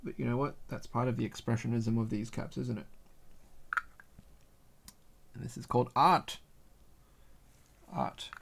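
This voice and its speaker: A man's voice: mid-range voice, fairly even intonation, unhurried, gravelly, pauses often. A man with an Australian accent chatting casually on a livestream while he works on a craft project, rambling and musing aloud. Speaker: livestream host.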